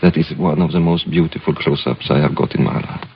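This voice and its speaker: A man from Sweden, a film director being interviewed, speaking English with a Swedish accent and pausing often to find his words. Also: a bass voice, steady tone, a little hiss or hum. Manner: halting, searching for English words. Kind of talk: reflective interview storytelling. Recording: dull lo-fi archival recording.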